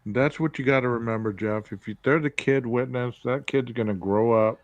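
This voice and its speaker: A man hosting a casual podcast, chatting in a relaxed, joking way. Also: mid-range voice, moderate pace, dry recording. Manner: laid-back, joking sign-off with a put-on airline pilot announcement. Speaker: podcast host. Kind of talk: casual chat. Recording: dull lo-fi sound.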